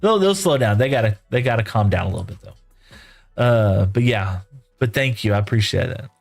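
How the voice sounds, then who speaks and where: A man's voice: lowish voice, lively intonation, normal speed, gravelly, faint music behind. A middle-aged man from West Texas, telling a long rambling story in a folksy, casual way while streaming, full of "you know" and "right?".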